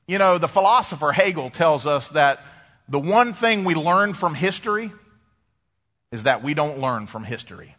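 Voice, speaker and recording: A man preaching a sermon, expressive and dramatic, reading scripture aloud between his own commentary. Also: fairly high pitch, normal speed, long reverb tail. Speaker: pastor.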